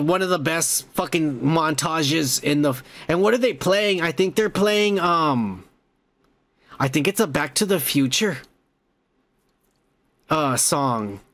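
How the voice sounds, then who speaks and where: High-voiced, profane man rambling. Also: a bit bright. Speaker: podcast host. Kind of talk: casual movie recap.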